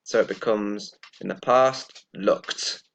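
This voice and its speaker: Slow, gravelly-voiced man teaching pronunciation. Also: mid-range voice, a little hiss or hum. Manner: slow and deliberate, repeating words carefully. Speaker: English teacher. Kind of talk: slow, careful pronunciation lesson.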